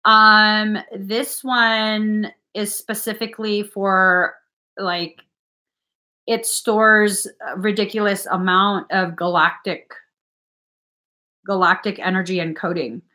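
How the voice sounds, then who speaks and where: A woman's voice: mid-range voice, flat delivery, takes it slowly, pushed and bright. A young woman chatting casually on a livestream as a spiritual energy reader, giggly and playful, swearing now and then.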